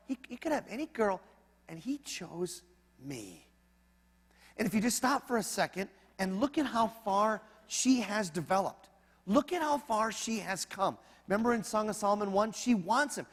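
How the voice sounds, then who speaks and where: A man preaching a sermon as pastor, in a conversational, animated manner with humorous asides. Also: on the high side, moderate pace, long reverb tail.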